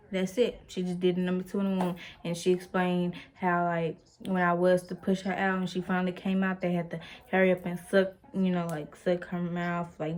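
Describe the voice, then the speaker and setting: A woman's voice: on the low side, a little mellow. A young woman telling a personal story in a casual, rambling way, full of fillers and playful asides to the viewer. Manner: chatty, rambling, with many fillers. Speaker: vlogger.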